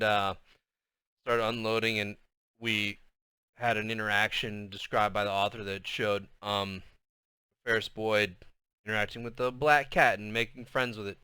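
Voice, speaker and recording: A man reading a children's chapter book aloud, his voice bright and smooth. He recaps loosely with fillers before settling into a steady read. The sound is close and dry. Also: fairly low pitch, dry recording. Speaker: reader of a children's novel.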